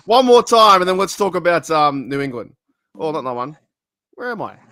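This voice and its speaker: A man's voice: a little high, sing-song, normal speed, bright, forceful tone, no echo, clean studio sound. A man hosting a casual podcast over a video call, laughing and swearing easily. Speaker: podcast host.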